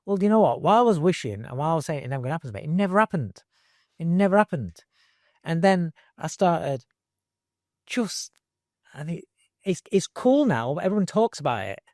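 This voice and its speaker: A man's voice: fairly high pitch, darkish tone, dry recording, clean studio sound. A middle-aged man, a boxing trainer, telling his story earnestly in an interview, restarting and repeating himself, with casual slang. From Britain.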